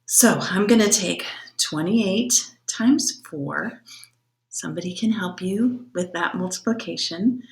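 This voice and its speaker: Woman teacher, patient lesson for small children, unhurried, roomy echo. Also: medium pitch, creaky. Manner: patient, step-by-step, asks the kids questions. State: out of breath after exercise. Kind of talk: remote lesson for young children. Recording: echoey room.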